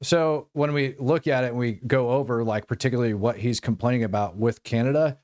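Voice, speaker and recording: A male host chats casually with a caller and asks probing follow-up questions. His voice sits at a middle pitch and sounds relaxed. The recording is dry and close. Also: fairly quick, dry recording. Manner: relaxed, probing questions, brief back-channel replies. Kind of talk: casual chat.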